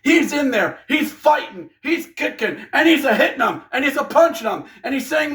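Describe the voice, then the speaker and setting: Brief: high-pitched male reviewer, casual monologue, excitable, jokey. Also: moderate pace, few pauses. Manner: excitable, jokey, acts out wrestlers' lines. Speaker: wrestling reviewer.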